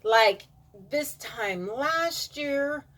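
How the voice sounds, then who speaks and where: Speaking very slowly, a middle-aged vlogger spins a loose personal tale for her camera, thick with fillers. Her high voice is animated and fairly bright, and she whispers the bits where she quotes other people.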